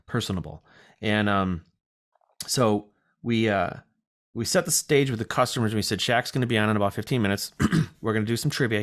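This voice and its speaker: A man with a fairly low, slightly nasal voice talks casually as co-host of a chat show. He rambles through stories with ums and uhs and pokes fun at himself. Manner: rambling storyteller with fillers and self-deprecating asides. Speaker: podcast co-host.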